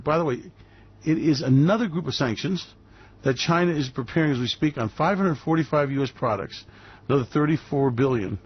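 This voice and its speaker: A man hosting a talk radio show who rants sarcastically in a husky, slightly raised voice. The recording is dry and dull, like a lo-fi broadcast. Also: fairly high pitch, no room sound. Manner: ranting, sarcastic, repetitive. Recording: muffled lo-fi recording.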